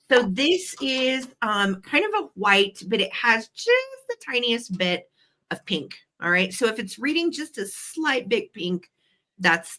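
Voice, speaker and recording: This woman pitches vintage goods in a live online sale, talking effusively to her chat as she displays each piece. Her voice is medium in pitch, pushed and bright, captured on poor audio.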